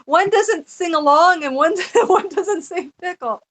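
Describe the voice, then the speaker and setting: A middle-aged woman with a high voice shares a personal story in a casual podcast chat. She is animated and chatty, laughing often as she goes. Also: unhurried. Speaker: podcast guest.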